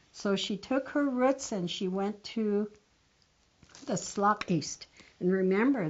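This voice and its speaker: Older woman, tribal elder storyteller, unhurried, muffled lo-fi recording. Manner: unhurried, voices the characters with raised pitch. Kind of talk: oral storytelling. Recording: dull lo-fi recording.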